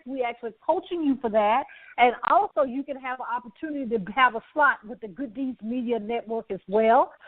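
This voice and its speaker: Woman host, high and effusive, motivational patter; dry, phone-like audio. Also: dry recording. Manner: effusive, repetitive, laughs often. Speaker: talk show host. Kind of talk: enthusiastic broadcast talk.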